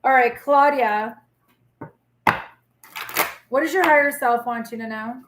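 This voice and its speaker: A woman's voice: on the high side, slow, reverberant, background noise. A woman in her forties hosting a casual live tarot reading, chatty, blunt and reassuring as she talks straight to viewers.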